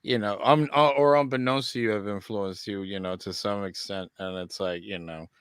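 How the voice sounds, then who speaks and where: A man's voice: fairly low pitch, fairly even intonation, normal speed, a bit bright, clear, resonant tone, no room sound. A man hosting a podcast in casual chat, rambling with many fillers and laughing easily. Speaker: podcast host.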